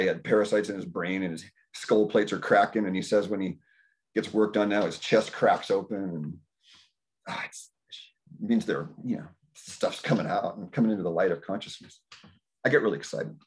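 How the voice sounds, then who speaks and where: At a fairly quick pace, a man in his fifties talks loosely to guests at an indoor community dinner. A health practitioner, he tells animated stories and mimics his own thoughts in a higher voice.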